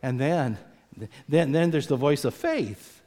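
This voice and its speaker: A man preaching an earnest sermon, often repeating words as he goes and acting out quoted voices with big swings in pitch. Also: slow pace, warm tone. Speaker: pastor. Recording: long hall reverb.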